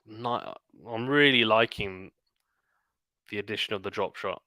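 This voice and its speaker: A British stream commentator with a lowish, bright, forceful voice gives live play-by-play of a tennis match, calling each shot rapidly. Between points he drifts into quiet, relaxed, offhand chatter. The recording is close and dry.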